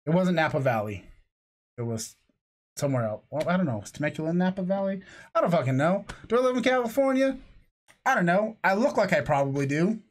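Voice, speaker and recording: A man's voice: sits high, expressive, fast. A man co-hosting a casual podcast, rambling through jokes and tangents and laughing often. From lived in Florida. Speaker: podcast co-host. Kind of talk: casual chat.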